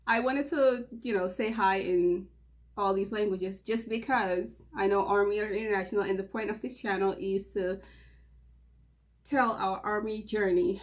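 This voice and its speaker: A young woman from Mauritania hosting her own channel, talking in a nervous, giggly, rambling way with frequent restarts. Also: medium pitch. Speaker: channel host. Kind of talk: casual nervous vlog intro.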